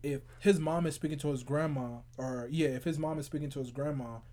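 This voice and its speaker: A man's voice: on the high side, a little fast. Young man in easygoing podcast chat. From Charlotte, North Carolina. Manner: relaxed, rambling, many "like" fillers. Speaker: podcast co-host. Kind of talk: casual chat.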